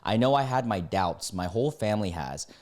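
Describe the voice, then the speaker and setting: A man in his twenties reads online posts aloud and reacts to them with excitable rants. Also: a little fast. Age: 20s. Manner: excitable, ranting, sudden jumps in pitch. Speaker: YouTuber reading Reddit posts.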